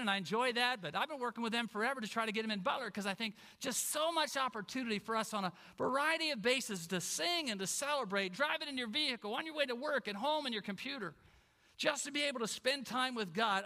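A male pastor delivers an enthusiastic sermon in a church sanctuary. His voice sits high and rings bright and sharp. He swings from loud exclamations to quiet, low asides, and the hall gives his words a long reverb.

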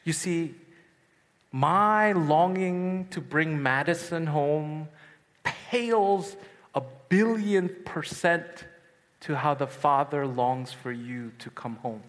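A man in his thirties gives a sermon, telling a personal story that swings from hushed, slow passages to excited bursts. His voice sits a touch high. The sound rings with long reverb from a large hall. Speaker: youth retreat speaker.

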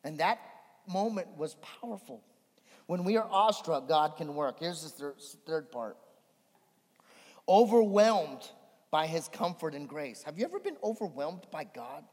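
A man preaching a sermon as a pastor, swinging between animated emphasis and hushed storytelling. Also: on the high side, measured pace. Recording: long hall reverb.

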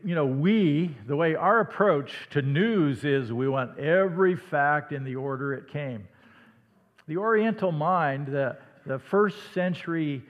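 Conversational preacher in an echoing hall. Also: male voice, on the high side, dull audio. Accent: slight Midwestern. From Iowa. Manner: conversational, dramatic dips to a hush. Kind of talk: sermon. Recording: long hall reverb.

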